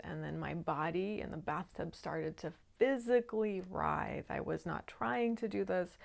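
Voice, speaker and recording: A woman who works as a shadow work coach, telling a personal spiritual story in a calm, earnest way. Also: fairly low pitch, creaky.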